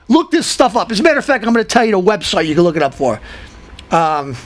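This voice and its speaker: A man hosting a show, delivering a comic rant that keeps repeating itself and jumps into high, excited outbursts. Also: fast talker. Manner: ranting, repetitive, swings into high excited outbursts. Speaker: show host.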